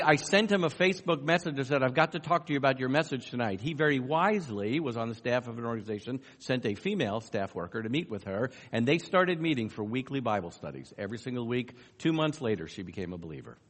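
A man's voice: mid-range voice, fast. Storytelling man in a reverberant hall. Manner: animated storyteller, acts out dialogue, many fillers. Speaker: conference speaker. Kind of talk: storytelling talk. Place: conference hall.

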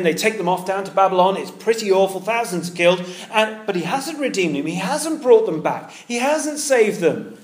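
Preacher man with a roomy echo. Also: high voice. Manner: earnest, conversational, swinging between loud emphasis and hushed tenderness. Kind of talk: sermon.

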